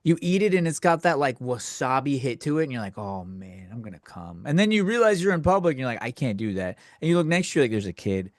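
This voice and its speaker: A man's voice: on the high side, big pitch swings, fast talker, few pauses, dry recording, clean studio sound. A man hosting a solo comedy podcast, ranting crudely and rambling, acting out the people in his stories. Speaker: podcast host.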